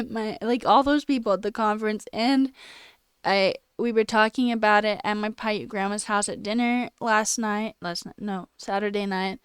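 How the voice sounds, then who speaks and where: A woman talking casually on a live stream, tearful and crying, speaking in halting phrases broken by sighs. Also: mid-range voice, steady tone, clean tone, no echo, clean studio sound. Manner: halting, sighing, quietly emotional.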